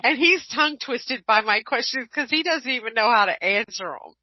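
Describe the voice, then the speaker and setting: A woman hosting an online radio show in casual chat, blunt and animated, swearing freely. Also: a little high, normal speed, no room sound. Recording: dull lo-fi online radio, dry.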